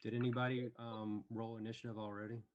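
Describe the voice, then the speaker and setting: A man running a tabletop game as game master over a voice call, unhurried and easygoing. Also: lowish voice, level tone, muffled recording, a little hiss or hum. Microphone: online voice call.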